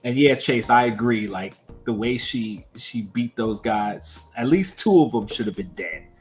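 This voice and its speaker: A man co-hosting a livestream, talking casually about pop culture in an animated, emphatic way full of rhetorical questions. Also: medium pitch, measured pace, faint music behind. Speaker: livestream co-host.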